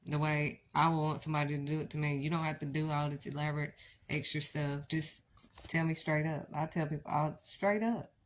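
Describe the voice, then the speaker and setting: Woman preacher, middle-aged, deep voice, blunt live-stream sermon style. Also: steady tone, fairly quick, slight background noise. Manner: blunt, exhortative, rhetorical questions.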